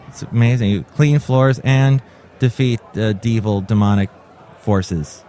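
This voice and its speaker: A man's voice: on the low side, unhurried, mellow, a faint crowd. A man in his forties hosting a comic solo podcast, telling stories in a wry, jokey way. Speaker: podcast host.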